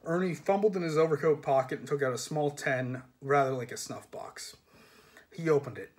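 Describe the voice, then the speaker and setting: A man narrates a novel aloud in an audiobook style. His voice sits a little high, and he keeps a steady, measured pace. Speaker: reader.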